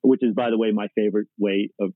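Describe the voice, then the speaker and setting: A man's voice: lowish voice, steady tone, fast, dry recording, phone-quality sound. A man talking casually as a podcast guest, rambling with lots of "like" and restarts. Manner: rambling, heavy use of "like", restarts often. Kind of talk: casual conversation.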